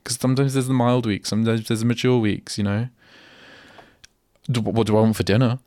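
A man's voice: mid-range voice, steady tone, brisk, a little mellow. A young man hosting a solo radio show, rambling and chatting casually, often breaking off mid-sentence. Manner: rambling, self-interrupting, chatty. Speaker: radio host. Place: radio studio.

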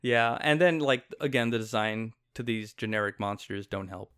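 Male podcast co-host, clear voice, close dry mic, excitable and rambling. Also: fairly low pitch, moderate pace, no room sound. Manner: animated, rambling, laughs often. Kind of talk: casual movie review chat.

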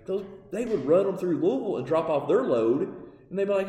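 A man telling lively business stories as a podcast guest, acting out the dialogue. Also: high voice, fairly quick. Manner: animated storyteller, acts out dialogue, laughs often. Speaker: guest, parts company owner. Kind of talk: casual storytelling in a podcast interview. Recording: roomy with long reverb.

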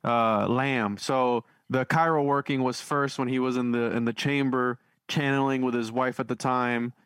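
A man's voice: mid-range voice, steady tone, normal speed, fairly bright tone, clear, resonant tone, dry recording. A man co-hosting a podcast chat, brash and crude in his jokes. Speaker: podcast co-host guest.

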